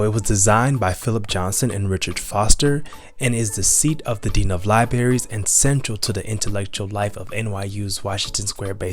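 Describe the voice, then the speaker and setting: A man hosting a campus tour vlog outdoors in a busy city park, talking straight to viewers in an upbeat way. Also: lowish voice. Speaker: host of a campus tour show.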